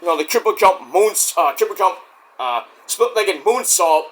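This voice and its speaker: A man giving a casual solo review of a wrestling show, excitable and profane, breaking into rants. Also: high-pitched, moderate pace, noisy background.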